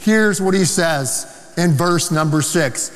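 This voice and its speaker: A man pastor preaching an emphatic, animated sermon in a large church sanctuary, with asides to the congregation. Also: fairly high pitch, slow. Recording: long hall reverb of a big sanctuary.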